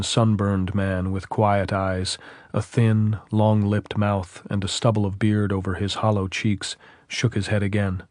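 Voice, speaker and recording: A man narrating a novel as an audiobook, reading in a measured, steady way. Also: fairly low pitch, no echo, clean studio sound.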